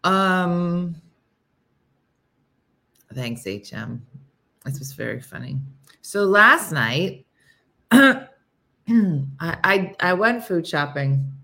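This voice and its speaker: A woman with a low voice rambles through a casual livestream chat with her viewers. She talks in a loose, meandering way, full of fillers and restarts. She clears her throat often. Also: animated, very slow, pauses often, sharp tone. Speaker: livestream host.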